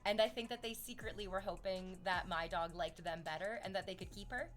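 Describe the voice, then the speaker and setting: A chatty woman livestreaming, loose and playful as she reads chat and tells stories. Her voice sits at an ordinary middle pitch, and a faint bed of music hums under her talk. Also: a little fast, a bit bright. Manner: chatty, playful, swears casually. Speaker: streamer.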